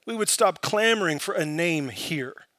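A man preaching a sermon, building from quiet, searching questions to impassioned, emphatic peaks. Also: a little high, lively intonation, moderate pace, dry recording. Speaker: pastor.

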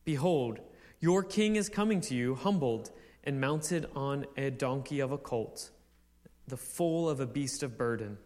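A young man preaching a sermon in a conversational way, with many fillers, building to excited exclamations. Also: mid-range voice, unhurried, long reverb tail.

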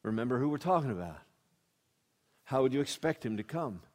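A man preaching a sermon, dropping to a hushed storytelling voice and then rising to loud, emphatic proclamation, with slow, deliberate scripture reading. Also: mid-range voice, lively intonation. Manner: reads scripture slowly and deliberately.

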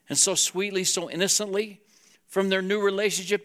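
A man's voice: high voice, flat delivery, brisk, fairly bright tone. A man preaching a sermon as a pastor, talking plainly and directly to his congregation.

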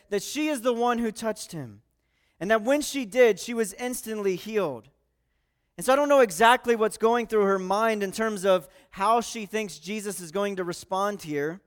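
A man gives a sermon, walking his listeners through a passage of scripture. His voice sits high and sounds smooth and resonant. He talks in an earnest, conversational way. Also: moderate pace. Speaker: pastor. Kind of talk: expository sermon.

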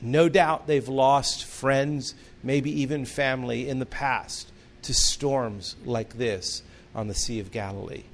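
Slow, earnest preacher man. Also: mid-range voice, steady tone. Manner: earnest storytelling with humorous asides. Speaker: pastor. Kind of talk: sermon.

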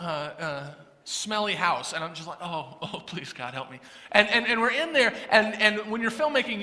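Storytelling pastor in a reverberant hall. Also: male voice, a little high, pushed and bright. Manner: humorous storytelling, swelling to an impassioned close. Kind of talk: sermon with personal story.

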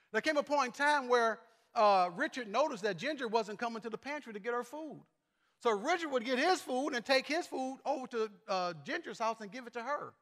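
A male preacher tells stories from his ministry in a high, earnest voice that stumbles and repeats words now and then. His sermon echoes with a long reverb, as in a large church sanctuary. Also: a bit bright.

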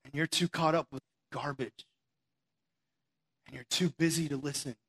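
A male preacher with a fairly high voice gives a fired-up sermon from a stage. He talks in a loose, conversational way, firing rhetorical questions at the listeners. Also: moderate pace, breathy edge. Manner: energetic and conversational, with lots of "like". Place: stage before an audience.

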